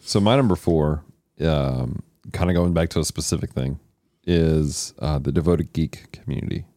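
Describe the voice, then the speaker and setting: Man co-host, very deep and mellow, halting delivery full of fillers, dry close sound. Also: dry recording. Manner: laughs a lot, halting with fillers. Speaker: podcast co-host. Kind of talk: casual chat.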